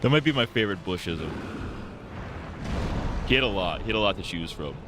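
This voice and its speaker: A man's voice: low-pitched, expressive, a little fast, noisy background. A man streaming a game, rambling casually and swearing constantly. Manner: profane, rambling, muttered curses. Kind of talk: casual livestream commentary while gaming. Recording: loud game gunfire behind.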